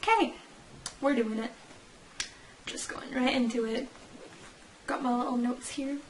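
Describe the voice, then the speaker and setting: A woman's voice: high voice, steady tone, measured pace, a little hiss or hum, rough recording. Young female vlogger, talkative and self-correcting, recorded at home with a camera mic. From United Kingdom. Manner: chatty, rambling, self-correcting. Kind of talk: casual fan reaction vlog. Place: at home, indoors.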